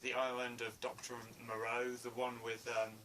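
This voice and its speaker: A man's voice: medium pitch, monotone, moderate pace, sharp tone. A man giving a casual spoken film review, hesitant, with many fillers and restarts. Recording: distant mic, faint room noise.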